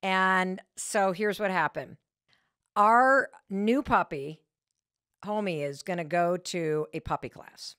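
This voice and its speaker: A woman hosting a motivational podcast, telling a story about herself in an animated, candid way. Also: lowish voice, takes it slowly, clear, resonant tone, dry recording, clean studio sound. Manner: animated storytelling with frank candor. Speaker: podcast host.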